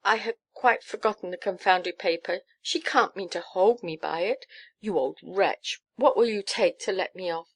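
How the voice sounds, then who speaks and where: A woman's voice: mid-range voice, normal speed, lightly acted. A woman reading a storybook, voicing a flustered, desperate young king who gasps and stammers. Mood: frantic. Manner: gasping, stammering, frantic.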